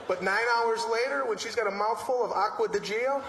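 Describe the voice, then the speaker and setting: A man doing a stand-up routine on stage, telling stories in an animated, exasperated way with acted-out asides. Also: high voice, fairly quick. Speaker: stand-up comedian. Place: comedy stage before a live audience. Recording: roomy venue with live audience and noise.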